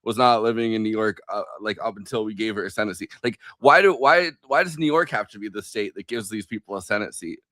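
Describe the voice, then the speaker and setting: A man co-hosting a podcast, chatting casually about politics with many halting restarts and laughs. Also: lowish voice, pushed and bright, no echo, studio quality. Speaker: podcast co-host.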